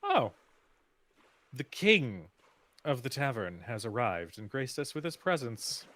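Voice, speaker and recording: A man's voice: mid-range voice, sing-song, takes it slowly, a bit bright. A man voicing a playful, mocking female ship captain in a tabletop game.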